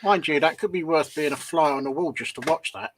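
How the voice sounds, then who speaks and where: A man's voice: fairly high pitch, a little fast, fairly bright tone, slight background noise. A man co-hosting a casual live chat, teasing his friend with banter. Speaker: co-host.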